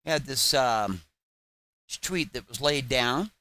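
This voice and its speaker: A man's voice: mid-range voice, expressive, takes it slowly, bright, forceful tone, dry recording. A man hosting his own channel, delivering a combative, sarcastic rant full of repeated taunts. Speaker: channel host. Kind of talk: ranting livestream commentary.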